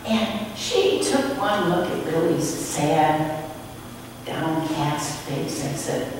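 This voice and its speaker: A woman minister telling a story in a sermon, slowly and expressively in a church sanctuary. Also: deep voice, distant mic. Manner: slow, expressive storytelling with lively rises. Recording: echoey hall from afar, faint noise.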